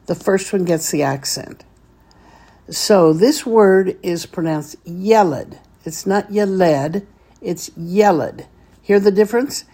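A woman's voice: medium pitch, unhurried, warm tone, breathy edge. A woman teaching a beginners' Hebrew reading lesson, patiently sounding out each syllable step by step.

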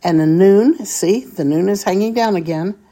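A woman teaching a vocabulary lesson, deliberately spelling out each word and repeating it for practice. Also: medium pitch, dark tone. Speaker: Hebrew teacher.

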